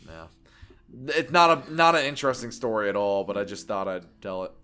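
A man's voice: fairly low pitch, lively intonation, a little fast, sharp tone, clear, resonant tone. A young man co-hosting a podcast, telling a story in casual chat with frequent restarts. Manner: rambling storytelling with repeated restarts. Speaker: podcast co-host.

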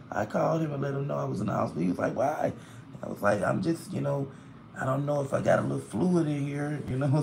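A man's voice: medium pitch, creaky, slight background noise. A tired man, live streaming from a hospital room, reading viewers' comments and venting about the bills. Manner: chatty, vents and complains loudly about hospital bills. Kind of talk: casual live stream chat.

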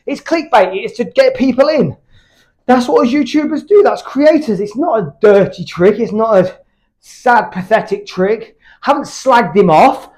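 A man's voice: extremely high pitch, expressive, normal speed, darkish tone. A British man chatting candidly between workout sets in his home gym, rambling and swearing freely. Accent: British English. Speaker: fitness YouTuber.

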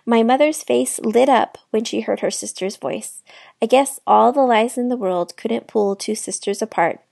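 A woman reading a children's novel aloud with clear storytelling narration. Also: a little high, moderate pace, darkish tone, dry recording, studio quality. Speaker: children's book reader.

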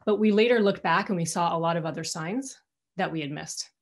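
Middle-aged woman talking over a video call from home, fairly low voice, candid, lots of restarts. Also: brisk. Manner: candid and conversational, with frequent restarts. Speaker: guest speaker. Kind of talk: personal talk to an alumni audience. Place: her own home.

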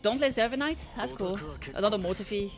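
A woman streaming live as she pulls in a gacha game, reacting dramatically, swinging from squealing shouts to dejected mumbles while chatting to her viewers. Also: on the high side, fast talker, faint music behind. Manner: chats to viewers. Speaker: full-time streamer.

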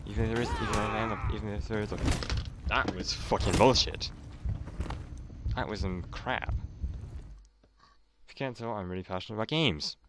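A young man commenting on his gameplay, swearing often and complaining loudly when he loses. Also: lowish voice, moderate pace, pauses often, noisy background. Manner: swears a lot, exasperated outbursts. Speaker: gaming channel host.

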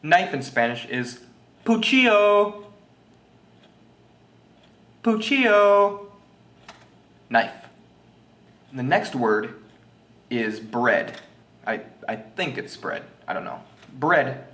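A young man giving a jokey, mock language lesson, goofy and deliberate and unsure of his own facts. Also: medium pitch, expressive, fairly bright tone. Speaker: self-styled language teacher. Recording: roomy echo.

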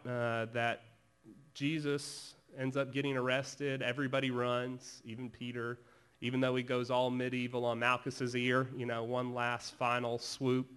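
A man giving a chapel sermon in a school performing arts center, telling the story in a conversational, animated way with quick asides. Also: medium pitch, clean tone. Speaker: chapel speaker. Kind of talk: casual sermon.

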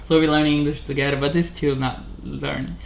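A man hosting a casual vlog, talking haltingly in English, correcting himself and chuckling as he practices a new language. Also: a little high, little pitch movement, vocal fry. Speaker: channel host.

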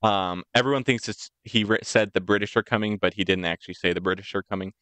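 A man's voice: lowish voice, steady tone, fast, bright, forceful tone, dry recording. A young man from the United States co-hosting a podcast, telling history in a rambling, joking way. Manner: rambling, joking, puts on voices for quotes. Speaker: podcast co-host. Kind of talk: casual chat, storytelling.

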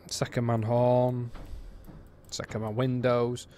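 Brief: British male reviewer, blunt and fed up, casual rambling commentary, average pitch, faint ambient noise behind. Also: monotone, slow pace. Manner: blunt, exasperated, rambling with restarts. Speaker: game reviewer.

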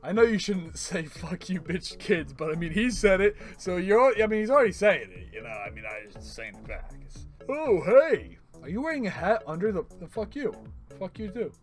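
A man hosting his own video channel, chatting with strangers online in a playful, teasing, mock-deadpan way. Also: high voice, moderate pace, faint music behind. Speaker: YouTube host chatting with strangers. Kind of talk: casual joking video chat.

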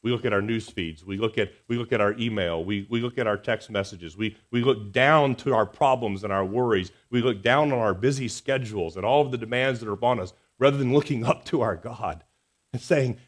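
A man preaching a Sunday sermon in a church, earnest and expressive, swinging between emphatic rises and soft, quiet drops. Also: fairly low pitch, fairly quick. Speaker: pastor. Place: church sanctuary.

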